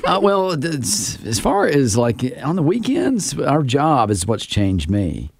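Animated, laughing male radio co-host. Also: mid-range voice, a little slow, creaky. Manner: animated, laughs often, acts out his dreams in bursts. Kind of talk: casual morning radio banter.

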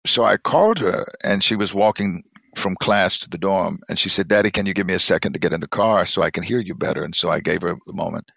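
A man, a church bishop, telling an emotional personal testimony in conversation, his voice dropping low and soft at the moving moments. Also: fast talker, gravelly, breathy edge, no room sound. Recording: dull lo-fi dry sound.

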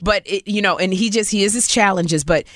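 A middle-aged woman comedian chatting as a guest, telling lively stories and acting out quotes with big jumps in pitch. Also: fairly quick, no echo. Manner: animated storyteller who acts out her son and herself with big pitch jumps. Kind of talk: casual interview chat.

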